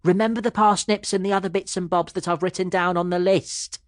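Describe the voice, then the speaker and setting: A man's voice: high voice, fairly even intonation, brisk, no room sound, studio quality, pitched above the performer's own voice, lightly acted. A man voicing a mother calling out instructions after her son. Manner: raised, calling out.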